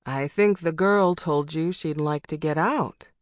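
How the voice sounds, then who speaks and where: A woman narrator voicing an icy-eyed older woman who hunts monsters, speaking calm, courteous and dry in an audiobook. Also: deep voice, measured pace, no echo. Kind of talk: audiobook character voice.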